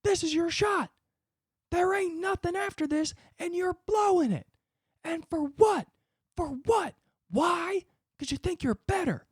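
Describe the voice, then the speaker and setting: A red-faced football coach screams down at a slacking player, as a man puts him on. The voice jumps way up high and keeps shouting without letup. The sound is dry and close. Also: animated, measured pace, no echo. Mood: yelling, berating. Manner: shouting, berating, drill-sergeant harangue. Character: furious male football coach yelling at a player.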